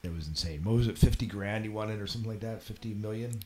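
A man co-hosting a casual podcast chat, relaxed and quick to laugh. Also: lowish voice. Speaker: podcast co-host.

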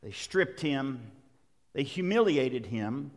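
A man preaching a sermon to his congregation, with emphatic delivery, dramatic pauses and building intensity. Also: mid-range voice, expressive, a little mellow. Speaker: pastor. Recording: long reverb of a large hall.

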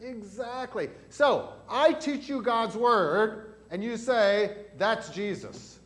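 A pastor teaches a catechism lesson in a church to children and adults, stopping to ask the children questions as he goes. His voice is extremely high and a bit bright, and he takes it slowly.

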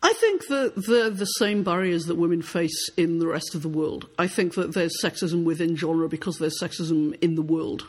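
A woman's voice: on the low side, normal speed, hardly any pauses, breathy edge. A woman author who reads aloud from her own novel and then answers questions thoughtfully, often repeating words as she starts a sentence. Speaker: author being interviewed.

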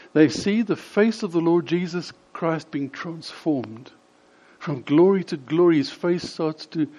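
Mellow-voiced man preaching a story sermon. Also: on the high side. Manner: vivid retelling with dramatic pauses. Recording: slightly dull lo-fi sound.

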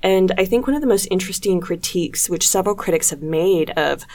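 Lowish-voiced woman discussing films. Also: lively intonation, brisk, a little mellow. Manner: analytical, chatty, cites critics and theory. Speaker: podcast co-host. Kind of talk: casual film discussion.

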